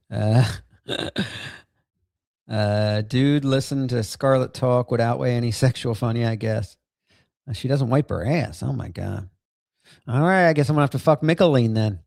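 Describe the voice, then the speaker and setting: A man with a gravelly, creaky voice hosts a loose livestream. He rambles and fills gaps with lots of "uh"s and laughs. His mid-pitched voice sounds close and dry. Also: a little slow, long pauses, a little mellow, dry recording. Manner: rambling with many fillers and laughs. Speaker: livestream host. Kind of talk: casual rambling livestream chat.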